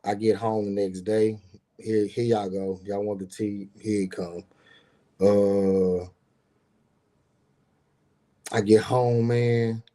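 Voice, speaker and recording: Taking it slowly, this middle-aged man delivers his words flatly in a warm voice on the low side. He owns a business and is telling viewers a personal story directly, rambling, slangy and cursing freely, as a casual monologue.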